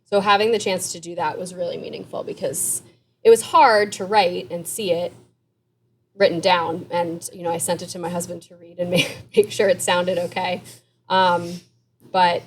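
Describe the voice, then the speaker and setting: A woman therapist and author answering interview questions in a candid, conversational way, with quick asides and light laughs. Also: lowish voice, steady tone, a little hiss or hum.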